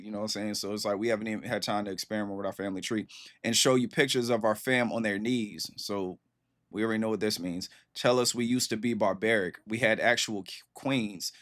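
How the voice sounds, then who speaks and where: A man's voice: on the low side, a bit bright. A man, chatting loosely as a reaction host with lots of fillers. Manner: loose, rambling, heavy on fillers like "you know what I'm saying". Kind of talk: casual commentary on a song.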